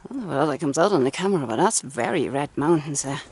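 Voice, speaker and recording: A woman's voice: sits low, lively intonation, fast, darkish tone, a little hiss or hum. A chatty woman narrating a hiking vlog outdoors on a mountain trail into a handheld camera, laughing often. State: cold from icy water. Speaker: hiking vlogger.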